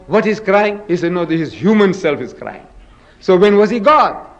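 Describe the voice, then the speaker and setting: A man giving a public lecture, arguing emphatically and firing rhetorical questions at his audience. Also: sits high. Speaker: public lecturer in religious debate. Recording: dull lo-fi lecture recording.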